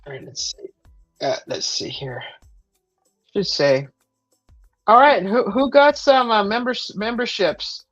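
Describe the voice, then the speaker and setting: Woman streamer, slow and halting with lots of fillers, dry close sound, slightly dull lo-fi audio, faint music behind. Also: mid-range voice, dry recording. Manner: hesitant, many fillers, excited whoops when thanking viewers. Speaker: live stream host. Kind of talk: casual live stream chat.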